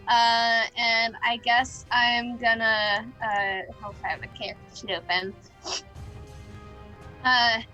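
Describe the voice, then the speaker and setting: Hesitant high-voiced woman player. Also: pushed and bright, poor audio. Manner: hesitant, lots of uh and um. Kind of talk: playing a tabletop game.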